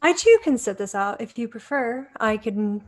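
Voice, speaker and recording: A woman playing a tabletop game, speaking in a polite, measured, slightly hesitant way. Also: fairly high pitch, expressive. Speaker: player. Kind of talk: in-character chat at a tabletop game.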